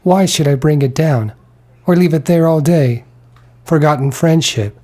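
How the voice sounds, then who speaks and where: A man's voice: a little high, a little slow, voice pushed up. A man reading as a brooding young man. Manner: quiet, reflective. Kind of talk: audiobook character reading.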